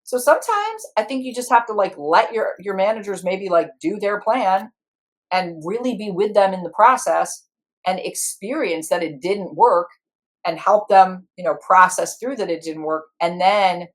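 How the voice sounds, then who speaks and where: A woman's voice: medium pitch, animated, moderate pace. A middle-aged woman, an IFS practitioner, telling a story in conversation and acting out her inner parts in quoted voices.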